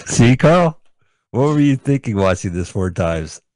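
Sarcastic low-voiced male co-host, dry sound. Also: big pitch swings, measured pace, darkish tone, no echo. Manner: joking, sarcastic, riffs on the film. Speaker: podcast co-host. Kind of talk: casual comedic film-review chat.

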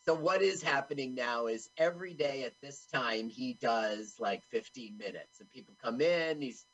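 A woman's voice: extremely low pitch, normal speed, soft background music, poor audio. A woman co-hosting a radio show, recounting a movie plot in a matter-of-fact, critical way. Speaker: radio co-host. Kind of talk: casual film-talk chat.

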